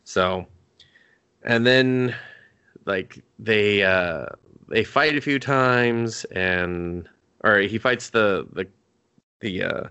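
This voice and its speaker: A young man casually recapping an anime film, rambling and profane, and acting out characters in quick asides. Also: on the low side, pushed and bright, smooth. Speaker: podcast co-host.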